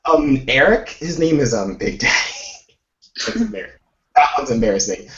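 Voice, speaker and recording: Animated man on an echoey distant call. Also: medium pitch, moderate pace, dull audio. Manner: animated storytelling, excitable, lots of "like". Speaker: K-pop reaction YouTuber, live chat host. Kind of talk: casual chat.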